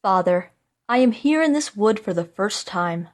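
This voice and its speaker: A clever young scholar, calm and sure of himself, talking a little lower than the narration around him, voiced by a woman reading a storybook. He stays level even when his father scolds him. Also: normal speed, close to an everyday voice.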